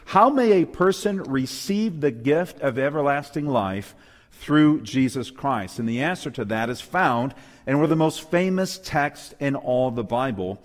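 Here a man preaches a Bible lesson, sermon-style, to a congregation gathered both in a church hall and online. His mid-range voice is expressive and unhurried, trailing a long reverb, as he emphatically poses rhetorical questions and calls for amens.

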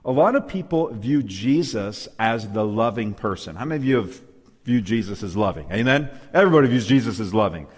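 Speaking fairly quickly in a lowish, animated voice, a man leads a sermon-style Bible study for live and online listeners in a church hall. The big-room sound carries his emphatic rhetorical questions and calls for amens.

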